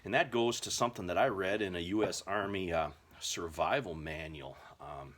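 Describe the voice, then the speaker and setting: This American survival vlogger has a low voice with a fairly bright tone and talks at a normal speed. He rambles through his survival tales to the camera in a folksy manner, leaning heavily on filler words.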